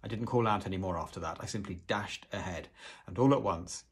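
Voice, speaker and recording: A man reading a children's book aloud, with hushed, suspenseful narration and casual asides to show pictures. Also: sits low, a little fast, husky. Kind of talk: storybook read-aloud narration.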